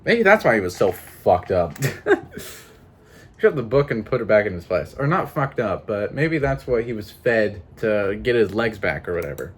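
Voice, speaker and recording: A man's voice: fairly low pitch, big pitch swings, normal speed, a little hiss or hum. A man hosting a let's play, reading the game's text aloud and joking between lines, swearing freely. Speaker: gaming video host.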